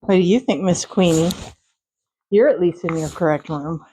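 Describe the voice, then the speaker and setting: A woman's voice: on the low side, moderate pace, mellow, a little hiss or hum, poor audio. A woman in a horse stable, cooing affectionately to her horses and making kiss sounds, in a casual vlog. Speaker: horse owner. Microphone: handheld microphone.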